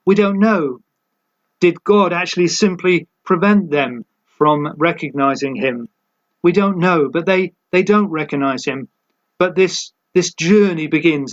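A man preaching a sermon, reflective, posing rhetorical questions and slowing down for emphasis. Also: sits high, highs cut off.

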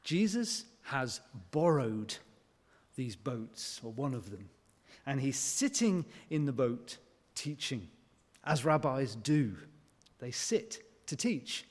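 A man preaching in a church, his speech set in a long, echoing church reverb. His voice is mid-pitched, and he talks in a chatty, conversational way, leaning on rhetorical questions and filling his pauses with "uh" and "um.". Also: big pitch swings, a little mellow. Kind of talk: sermon.

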